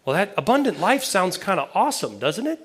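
Animated, higher-voiced man preaching. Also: a little fast, breathy edge. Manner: casual and animated, with asides and questions to the listeners. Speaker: pastor. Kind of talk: conversational sermon with Bible reading.

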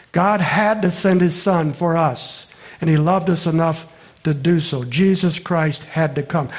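A male pastor preaching a sermon, emphatic, repeating key phrases, asking rhetorical questions and slowing down to stress his points. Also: on the high side.

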